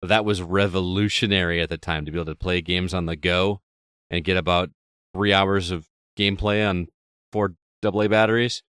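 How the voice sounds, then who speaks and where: A man hosting a casual podcast chat, relaxed and nostalgic, steering the talk to his co-hosts. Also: low voice, a little fast, smooth, no echo, studio quality. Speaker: podcast host.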